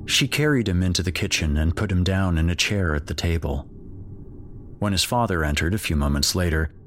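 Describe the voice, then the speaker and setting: A man narrating a scripted horror story in a steady, measured way. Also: deep voice, slight background noise.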